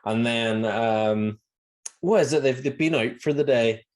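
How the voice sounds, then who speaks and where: A Northern Irish man co-hosting a podcast in casual chat, laughing often and acting out lines in high voices. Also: measured pace. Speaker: podcast co-host.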